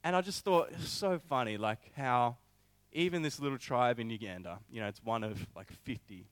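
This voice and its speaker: A young man preaching a sermon, telling a personal story in an animated way with many filler words. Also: medium pitch, moderate pace, clean tone, dry recording.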